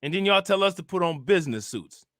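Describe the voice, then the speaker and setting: A man's voice: high voice, expressive, fast talker, fairly bright tone, no room sound, studio quality. A young man, ranting profanely on a livestream and firing off repetitive rhetorical questions to his chat. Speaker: livestream political commentator. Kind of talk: casual livestream rant reacting to chat.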